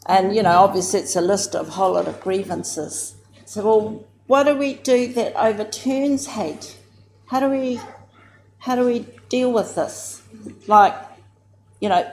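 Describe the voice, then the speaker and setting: A woman with a New Zealand accent speaks to a gathering in a thoughtful, searching way, often pausing on "you know". Her voice sits at a middling pitch, and a faint hiss lies under it. She brightens into a lively, amused tone as she tells her stories. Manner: lively and amused when telling anecdotes. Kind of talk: reflective talk with storytelling.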